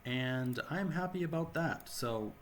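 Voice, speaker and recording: A hoarse man with a sore throat giving rambling gameplay commentary, correcting himself as he goes. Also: on the high side, expressive, unhurried, a little hiss or hum. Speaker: game channel host.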